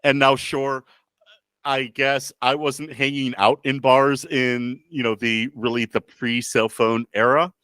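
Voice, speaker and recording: A man's voice: mid-range voice, level tone, slow pace, sharp tone, clean tone, no echo. A man co-hosting a podcast, asking wry questions in casual chat. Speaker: podcast co-host.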